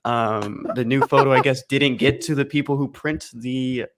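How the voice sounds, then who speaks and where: A young man co-hosting a podcast, telling a relaxed, self-deprecating story in casual chat. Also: medium pitch, normal speed. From Houston area. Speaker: podcast co-host.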